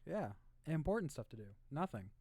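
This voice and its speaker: A man's voice: a little high, very animated, a little fast, darkish tone, breathy edge, dry recording. A young man co-hosting a podcast, laid-back and wry, chatting casually. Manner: laid-back, short agreeing replies, wry. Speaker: podcast co-host. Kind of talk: casual chat.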